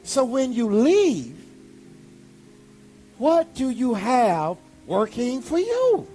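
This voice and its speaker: Pastor guy preaching animated, voice jumps way up, soft music under it. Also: drawn-out words. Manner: animated preaching with sudden high exclamations. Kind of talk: sermon.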